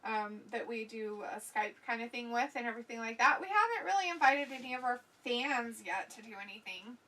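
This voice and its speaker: Bright-voiced woman reading chat aloud. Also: on the high side, lively intonation, a little fast. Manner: reads viewer comments aloud, laughs often. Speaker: co-host of a wrestling watch-along stream. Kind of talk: casual live-stream chat. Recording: voice somewhat far from the mic.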